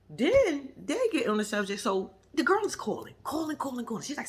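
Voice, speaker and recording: A woman's voice: medium pitch, fairly quick, breathy edge. A woman vlogger giving casual reaction commentary on a reality show, blunt and profane, firing off rhetorical questions at her viewers. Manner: animated, addresses the audience directly.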